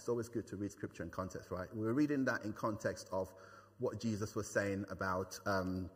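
A man's voice: on the low side, slightly rough. A man preaching a sermon to his church, conversational and earnest, with frequent fillers and repeated phrases. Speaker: pastor. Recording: long reverb of a hall.

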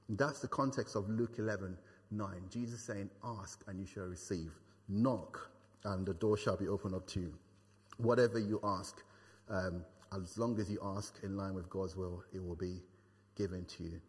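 A man's voice: low voice, steady tone, normal speed, breathy edge. A man preaching a sermon to his church, conversational and earnest, with frequent fillers and repeated phrases. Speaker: pastor. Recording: long reverb of a hall.

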